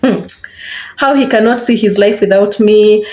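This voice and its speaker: At normal speed and medium pitch, a young woman with a Kenyan accent tells a casual storytime while doing her hair as a vlogger. She's chatty and animated, acting out what people said with laughter. The simple phone-camera recording sounds echoey.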